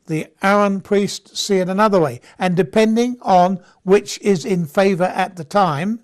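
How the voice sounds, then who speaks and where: A Bible study teacher gives an informal lecture, talking conversationally, repeating words, restarting often, and checking in with "okay?". His voice is high and unhurried.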